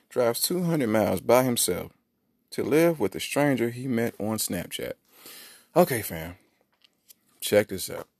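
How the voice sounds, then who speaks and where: A man's voice: lowish voice, no echo, studio quality. A man hosting a podcast, telling a rambling comic story with lots of asides. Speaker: podcast host. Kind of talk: comedic monologue.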